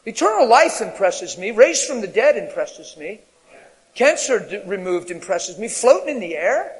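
High-voiced preacher man in a reverberant hall. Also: a little fast. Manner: animated, rising to shouts at peaks. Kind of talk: sermon. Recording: long reverb of a large hall.

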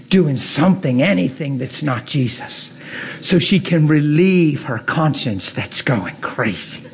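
A man preaching a personal testimony with animated storytelling, laughing as he swings from hushed to loud. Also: on the high side, slight background noise. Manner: laughs through his words. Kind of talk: testimony sermon.

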